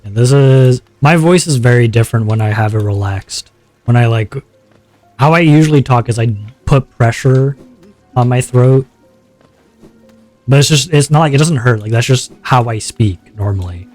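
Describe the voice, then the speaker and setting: A man streaming a game, rambling in a relaxed, self-conscious way with a slightly sore throat. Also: medium pitch, moderate pace, pauses often, soft background music. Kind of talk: casual gameplay chat.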